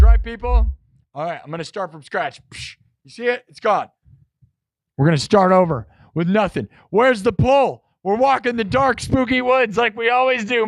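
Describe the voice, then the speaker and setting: A man's voice: high-pitched, no echo. A man hosting a live music stream in casual, brash, teasing chat. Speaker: livestream host and musician.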